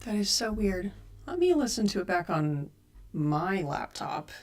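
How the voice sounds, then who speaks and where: A woman's voice: mid-range voice, very animated, measured pace, darkish tone. A woman chatting casually with her viewers on a live stream from home, reading and answering chat and troubleshooting her audio. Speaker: cosplay streamer. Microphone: desk USB mic.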